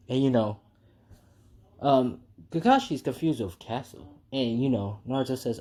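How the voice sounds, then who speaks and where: A man's voice: mid-range voice, a little fast, mellow. Rambling man telling a fan story. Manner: rambling, filler-heavy. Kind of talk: casual improvised storytelling.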